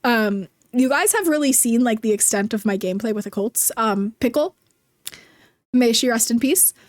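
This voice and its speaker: A woman's voice: a little high, expressive, normal speed, no echo, clean studio sound. A young woman from New Jersey with a Jersey accent, chatting casually as a streamer, rambling, giggly and self-deprecating. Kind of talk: casual chat while gaming, reading chat.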